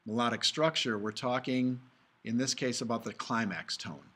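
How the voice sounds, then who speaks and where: A man's voice: mid-range voice, normal speed, pushed and bright. A man teaching music theory in a recorded video lecture, talking casually through slides and stopping to sing short examples.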